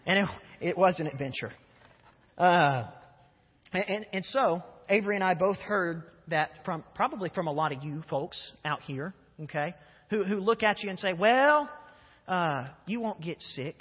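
A young man preaching a sermon in a church, telling humorous stories in an animated way and often repeating his words. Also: high-pitched, normal speed, husky. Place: church sanctuary. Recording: echoey church hall, dull sound.

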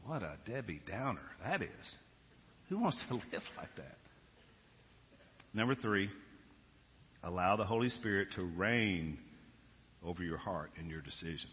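A male pastor preaching a sermon, moving from hushed storytelling to loud, emphatic exhortation. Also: deep voice, lively intonation, a little slow, long pauses, slight background noise. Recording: dull sound with long hall reverb.

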